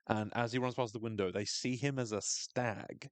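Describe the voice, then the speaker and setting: A man's voice: mid-range voice, steady tone, moderate pace, no echo. A man hosting a podcast, recapping a TV episode in casual chat, swearing freely and acting out characters' lines in funny voices.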